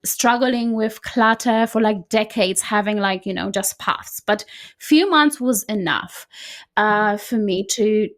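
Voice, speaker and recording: A woman guest who coaches people on decluttering, telling her story in an animated, chatty way and often checking in with "right?". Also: mid-range voice, slow. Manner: animated, frequently adds "right?". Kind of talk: conversational storytelling.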